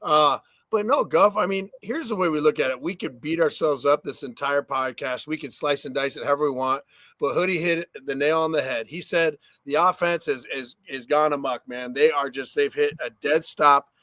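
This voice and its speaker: A man co-hosting a sports podcast, an animated storyteller who swears in casual chat. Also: a little high, normal speed, dry recording. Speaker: podcast co-host, former player.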